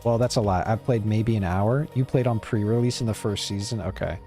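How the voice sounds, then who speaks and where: A man with a fairly low, warm voice talks fairly quickly as he streams a game and rambles to his chat. He's laid-back and swears now and then, with soft background music behind him.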